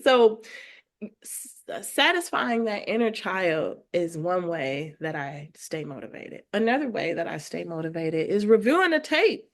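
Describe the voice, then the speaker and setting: Animated, laughing woman podcast guest. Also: lowish voice, takes it slowly. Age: adult with children. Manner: animated, laughs often, heartfelt. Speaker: podcast guest, artist and educator. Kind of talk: casual conversational interview.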